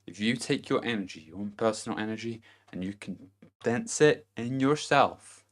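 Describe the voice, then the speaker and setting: Talking at normal speed in a lowish voice, a male vlogger gives a casual, blunt, profane motivational talk to camera, chuckling as he moves from point to point.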